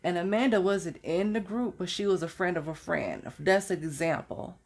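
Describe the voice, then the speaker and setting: A woman's voice: lowish voice, normal speed, a little mellow. A young adult woman telling stories from her college years in a casual, chatty way, now and then laughing at her own story. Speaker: vlogger.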